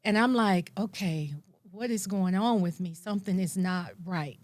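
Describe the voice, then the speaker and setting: A woman telling her own story in a lively way, acting out her past thoughts. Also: mid-range voice, moderate pace. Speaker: guest. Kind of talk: personal storytelling.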